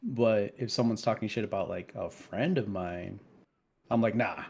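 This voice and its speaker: This podcast co-host, a man in his thirties, tells a story in casual conversation, animated and profane, full of swearing and heated asides. His voice is lowish, gravelly and breathy at the edges, moving at a moderate pace.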